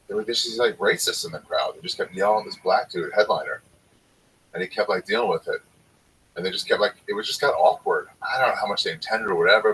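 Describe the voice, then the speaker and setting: A man's voice: low-pitched, a bit bright, slightly rough. A man who is a stand-up comedian, telling rambling, profane anecdotes in casual chat. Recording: distant mic.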